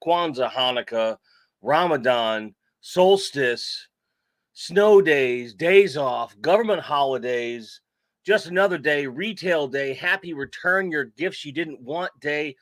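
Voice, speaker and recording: A man hosts a casual livestream, joking, cursing and answering chat comments. His voice sits fairly high and swings widely in pitch. The sound is close and dry, with no room echo. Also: takes it slowly. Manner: joking, profane, animated banter. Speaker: toy collecting livestream host.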